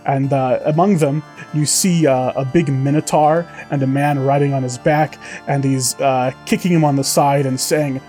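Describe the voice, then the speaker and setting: A man's voice: medium pitch, fairly even intonation, normal speed, few pauses, warm tone, faint music behind. A man narrating as game master, describing scenes vividly with many fillers.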